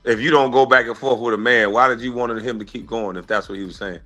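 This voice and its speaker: A man hosting an online panel presses his guest with the same pointed questions again and again. His tone is bright and sharp, and he builds each point with insistence. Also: mid-range voice, steady tone, fast talker, soft background music. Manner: pressing, interrogating. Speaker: panel host. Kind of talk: heated argument.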